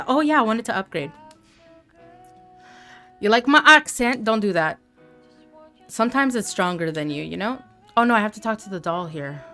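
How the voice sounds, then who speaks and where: A woman's voice: mid-range voice, expressive, normal speed, long pauses, bright, forceful tone, faint music behind. A woman streaming a video game live, chatting casually with her viewers and reading their messages aloud. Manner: chatty, reads chat aloud, playful asides. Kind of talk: casual live gameplay chat.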